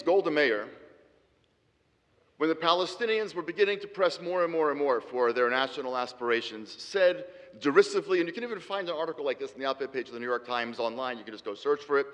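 A man's voice: fairly high pitch, lively intonation, fast, fairly bright tone. A middle-aged man giving an emphatic debate speech with rhetorical repetition, speaking in a large hall. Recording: hall reverb.

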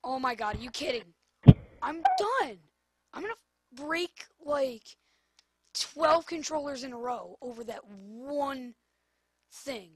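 A woman's voice: high-pitched, unhurried, husky, no room sound. A woman commentating her own football video game, exasperated and scolding the players on screen. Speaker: gamer. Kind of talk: gameplay commentary.

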